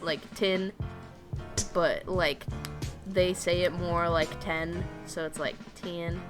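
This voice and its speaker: A woman's voice: lowish voice, fairly even intonation, slow, over music. A young woman from Tennessee with a Southern accent, co-hosting a podcast in casual chat, full of fillers and laughs. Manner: chatty, laughs often, many fillers. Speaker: podcast co-host.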